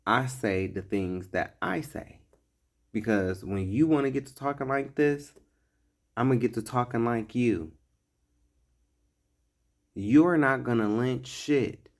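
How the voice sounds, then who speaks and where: A man giving blunt, profane, mocking reaction commentary on a clip. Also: medium pitch.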